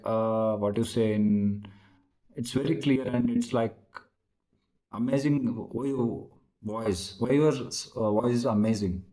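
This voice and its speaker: A man practicing spoken English in conversation, halting and searching for words, with many restarts. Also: mid-range voice, darkish tone, low-quality recording. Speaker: English learner practicing speaking.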